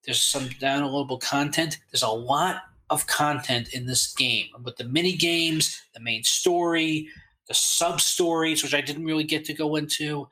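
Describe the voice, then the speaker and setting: A man's voice: a little high, steady tone, a little slow, pushed and bright, rough recording. A man reviewing a video game as a podcast guest, explaining eagerly.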